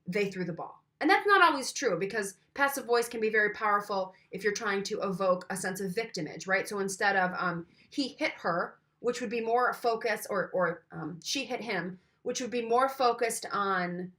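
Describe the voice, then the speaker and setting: A woman lecturing in a loose, chatty way, her voice bright and forward. She talks straight to the listener, tossing in questions and showing off voice changes as she goes. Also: medium pitch. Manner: conversational, asks the listener questions, demonstrates voice changes. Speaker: instructor. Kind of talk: recorded lecture.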